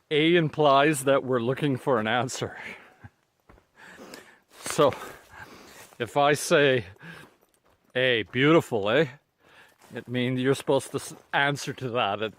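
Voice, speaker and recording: A man's voice: medium pitch, a bit bright. A man with a Canadian accent, talking casually to a handheld camera while hiking outdoors on a lakeside trail, chatty and chuckling often. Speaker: hiker vlogger. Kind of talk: casual vlog narration.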